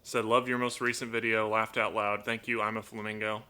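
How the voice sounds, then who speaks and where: A man hosting a casual live stream from home, chatting in a rambling way, reading viewer comments aloud and talking softly to his pet bird. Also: lowish voice, little pitch movement, a little fast, clear, resonant tone. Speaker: live-stream host and toucan owner. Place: at home indoors.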